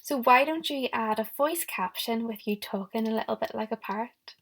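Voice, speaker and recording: Gravelly-voiced woman teaching young children. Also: on the high side, moderate pace. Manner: encouraging, talks directly to the children. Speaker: primary school teacher. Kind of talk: recorded lesson for young children.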